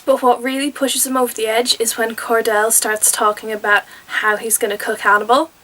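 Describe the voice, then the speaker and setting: Animated young woman with a higher voice. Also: moderate pace, slight background noise, rough recording. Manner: animated, exclaiming, chatty. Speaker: vlogger reviewing a TV episode. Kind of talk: casual spoken review.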